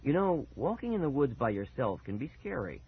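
Man as a calm patient dad, low steady delivery, husky, tinny lo-fi sound. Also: a little fast, exaggerated voice. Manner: low, calm, even-tempered. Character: calm, patient middle-aged father. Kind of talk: audiobook character voice.

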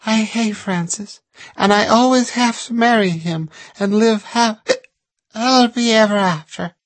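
A man voicing a mournful young woman who speaks in a breathy half-whisper, in a storybook reading. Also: high voice, unhurried, voice pushed up.

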